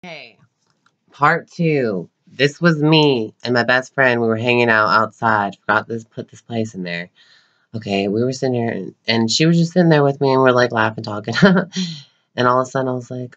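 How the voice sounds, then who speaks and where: A young man telling personal stories to his camera in a halting, rambling way, with many ums and restarts. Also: mid-range voice, a bit bright. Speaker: vlogger.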